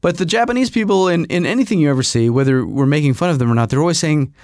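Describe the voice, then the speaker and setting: Animated, rambling man. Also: on the high side, quick pace, hardly any pauses, no room sound, studio quality. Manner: animated, rambling storyteller with self-interruptions. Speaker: podcast host. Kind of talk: casual monologue.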